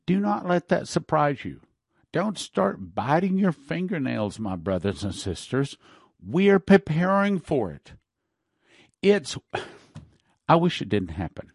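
A man preaching with fervent emphasis, his pitch leaping and dropping as he drives each point home. He repeats key words for force, and the sound is close and dry with no room around him. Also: sing-song, unhurried, gravelly, pauses often, darkish tone, slightly rough, no echo. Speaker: host of a prophecy broadcast. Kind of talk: preaching talk with ad reads.

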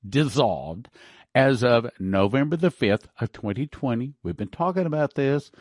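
A man preaching with fervent emphasis, his pitch leaping and dropping as he drives each point home. He repeats key words for force, and the sound is close and dry with no room around him. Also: expressive, normal speed, a little mellow, no echo. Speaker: host of a prophecy broadcast. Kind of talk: preaching talk with ad reads.

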